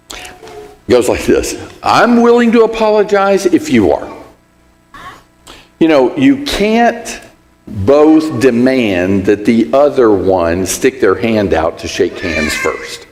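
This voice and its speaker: Lively man teaching a church class. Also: fairly low pitch, slow, in a large hall. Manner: conversational, gives everyday examples and acts out sample apologies. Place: church hall.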